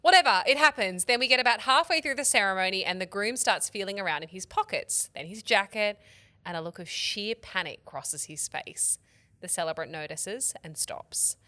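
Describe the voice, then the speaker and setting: A woman from Australia co-hosting a wedding podcast, reading stories aloud in a quick, dry way, often laughing as she reads. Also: mid-range voice, pushed and bright. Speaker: podcast co-host, wedding celebrant.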